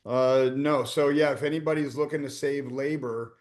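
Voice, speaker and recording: A man's voice: medium pitch, fairly even intonation, normal speed. A man moderating a webinar and wrapping it up, joking casually with many fillers.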